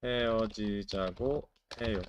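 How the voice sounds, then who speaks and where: A man's voice: lowish voice, very fast, slight background noise. A man teaching a language on a live stream, explaining in a loose, chatty way full of "like" and restarts and answering viewers' questions. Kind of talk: casual live-stream lesson.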